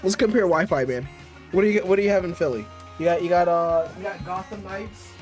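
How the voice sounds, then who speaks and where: A man with a fairly high voice talks casually to his live-stream chat. He trash-talks viewers playfully and rambles, often restarting mid-sentence. Soft music plays quietly in the background. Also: brisk. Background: faint music.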